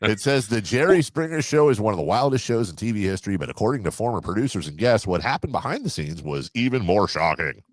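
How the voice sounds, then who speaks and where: A man co-hosting a sports radio show, bantering in an animated, emphatic way. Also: on the low side, dry recording. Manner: animated, quick to jump in, emphatic. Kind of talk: casual studio banter.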